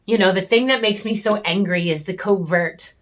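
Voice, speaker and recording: Bitter and angry, a female homesteading vlogger offers a heated personal reflection to the camera in a medium-pitched voice. She swears frequently and stops now and then as she gropes for the right words.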